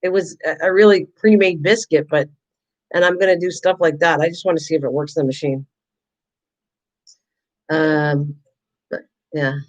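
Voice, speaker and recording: A woman's voice: low-pitched, steady tone, normal speed, pauses often, rough recording. Chatty woman crafting on camera. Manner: chatty, self-deprecating, talks to viewers in chat. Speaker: craft vlogger. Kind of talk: casual chat while crafting.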